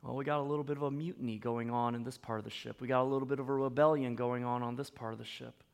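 A man's voice: mid-range voice, fairly even intonation, fast talker, vocal fry, clean tone. A man preaching a sermon in a conversational way, often checking in with the listeners and making playful asides. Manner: conversational preaching with frequent tag questions. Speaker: pastor.

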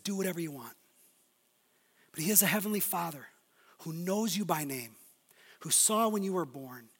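A middle-aged man preaching with a high-pitched voice. He swings between booming emphasis and soft, close asides. His words ring out with the long reverb of a large hall. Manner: animated preaching, swings from loud emphasis to quiet intimate asides. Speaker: pastor. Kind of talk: sermon.

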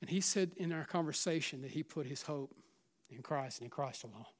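Preaching a little fast, this middle-aged pastor has a fairly high voice and a South Carolina Southern accent. He alternates loud urging with near-whispered, hushed lines, repeating "listen" again and again.

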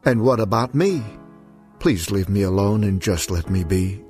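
A man's voice: fairly low pitch, expressive, normal speed, a little mellow, soft background music, close to an everyday voice. A man voicing a small, frightened, self-pitying male donkey who pleads in rhyming verse. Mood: fearful pleading.

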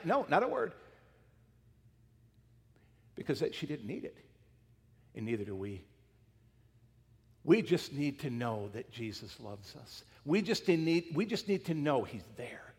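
A man preaching a sermon, retelling a story with acted quotes and dropping from loud emphasis to near-whispers. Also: fairly high pitch, very animated, a little slow, pauses often, breathy edge, in a large hall. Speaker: pastor.

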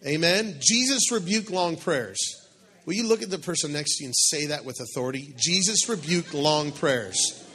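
A man preaching a sermon, his voice sitting a little higher than most men's. He talks conversationally, mixing quiet reflection with lively, joking bursts toward the congregation. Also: fairly quick. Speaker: pastor.

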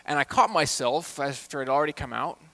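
A man preaching a sermon as a pastor, with impassioned delivery that swings from hushed asides to loud, urgent appeals. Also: a little high, fast talker.

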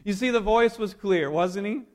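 This male pastor preaches with theatrical flair at a normal pace, his voice sitting high. He moves from booming declarations down to hushed near-whispers, chuckling softly now and then.

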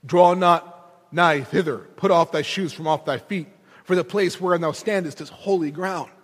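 A preacher voicing a solemn divine voice, speaking slowly in formal old-fashioned words. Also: male voice, fairly high pitch, close to an everyday voice. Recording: reverberant hall.

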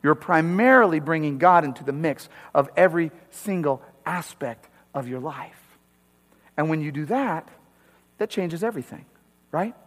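A male pastor delivers an animated sermon with a notably high-pitched voice. He talks emphatically and keeps asking the congregation questions. His voice rings out with a long reverb from the sanctuary. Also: moderate pace.

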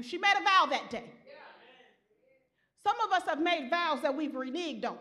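A woman preacher delivering an impassioned sermon, swinging from soft, low passages to loud, rising calls. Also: animated, normal speed, pauses often.

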